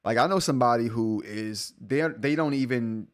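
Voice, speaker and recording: A man's voice: mid-range voice, moderate pace. A man in his forties hosting a live tech stream, talking casually, rambling and correcting himself, often laughing. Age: 40s. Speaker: tech show host.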